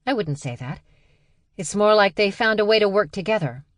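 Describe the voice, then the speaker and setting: A woman's voice: mid-range voice, lively intonation, normal speed, no echo, pitched above the performer's own voice, natural voice. Casting: heated, emphatic young woman woman reading, dry sound. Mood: calm. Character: exasperated eldest sister, blunt.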